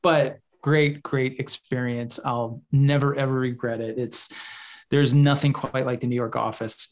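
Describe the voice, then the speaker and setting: A man's voice: mid-range voice, little pitch movement, measured pace. Middle-aged male guest recounting his career with wry humor and easy chuckles. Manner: wry, chuckling anecdotes with trailing restarts. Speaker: guest, former FBI official. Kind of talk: candid interview storytelling.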